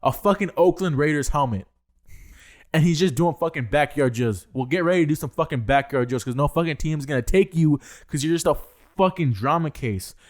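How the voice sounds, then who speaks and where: Profane ranting man, slightly high voice. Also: a little fast. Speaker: podcast co-host. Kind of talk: casual chat.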